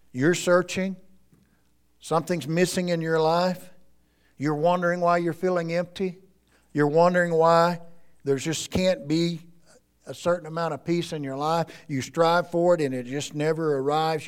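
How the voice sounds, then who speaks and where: Earnest male pastor preaching a sermon. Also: on the high side. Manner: earnest, rising to emphatic peaks then dropping to quiet appeals. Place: church sanctuary.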